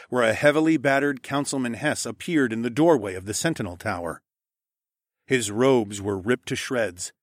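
A male narrator reads a first-person fantasy story expressively, at a middling pitch. He drops his voice low and soft for dialogue tags. The sound is dry and close to the mic. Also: no echo. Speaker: audiobook narrator.

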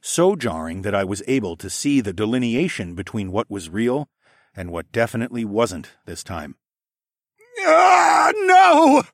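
A man reads a first-person fantasy story in a fairly low voice. His delivery is expressive and his intonation is lively. The recording is dry, with no room sound. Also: normal speed, no room sound. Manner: expressive, acts out dialogue. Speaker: audiobook narrator.

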